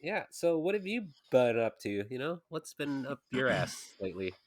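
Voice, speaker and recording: A man's voice: medium pitch, moderate pace, no room sound. A man co-hosting a podcast, telling stories in casual chat, laughing often and swearing freely. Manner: laughing, swearing, animated storytelling. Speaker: podcast co-host.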